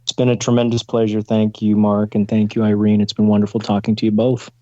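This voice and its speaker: Low-voiced hesitant male author guest. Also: monotone, fast, dark tone, no echo, dull audio. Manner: hesitant, many "uh" fillers. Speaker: author and spiritual counselor guest. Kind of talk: radio interview.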